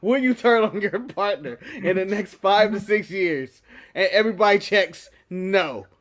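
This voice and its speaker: A high-pitched man co-hosting a loose wrestling chat show. He talks in an animated, joking way and laughs a lot. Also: unhurried. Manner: animated, jokey, breaks into laughter and mock voices. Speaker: podcast co-host. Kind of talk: casual wrestling recap chat.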